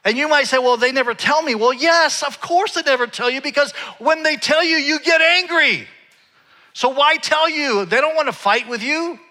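Bright-voiced man preaching in a hall. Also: very high-pitched, normal speed. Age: 40s. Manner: storytelling, conversational, swings from soft to loud and animated. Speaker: pastor. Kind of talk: sermon.

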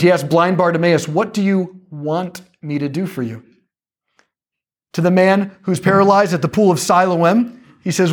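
Animated man giving a casual faith talk. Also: fairly high pitch. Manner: animated, conversational, jokey asides.

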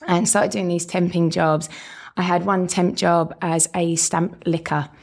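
A woman's voice: lowish voice, little pitch movement, a little slow, vocal fry. A woman with an Estuary English accent, chatting as a podcast guest in a bubbly, talkative way. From England, near Dartford on the Kent-London border. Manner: bubbly and chatty, laughs often. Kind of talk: casual interview chat.

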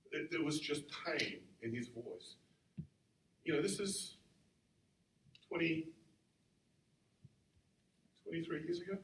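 A man's voice: on the high side, a bit bright. A man in his forties, a pastor, telling a personal story in a sermon in a conversational, self-deprecating way. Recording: roomy hall from a distant mic, faint noise.

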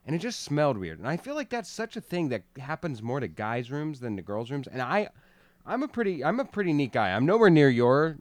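A man's voice: on the high side, big pitch swings, a little fast, dry recording. A young man co-hosting a podcast from his room, joking and teasing in casual talk. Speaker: podcast co-host.

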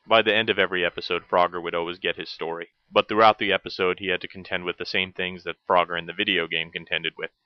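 A man's voice: sits low, no echo, muffled recording. A man narrating a scripted retro cartoon review as host, with dry joking asides.

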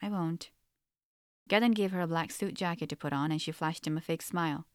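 A woman narrating a story in an audiobook, with a steady, measured reading. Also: sits low, clean tone, no room sound, clean studio sound.

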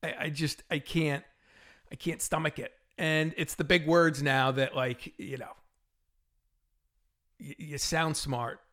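Middle-aged guy with a highish voice venting on his fitness podcast, exasperated, keeps laughing. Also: slow, pauses often. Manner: animated, exasperated ranting with laughs. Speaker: podcast host and fitness trainer. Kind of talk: solo podcast monologue.

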